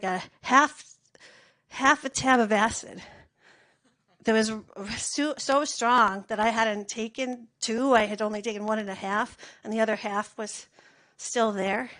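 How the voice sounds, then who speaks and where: A woman in her thirties telling a rambling, profane personal story in a casual, animated way. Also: fairly high pitch, unhurried, poor audio.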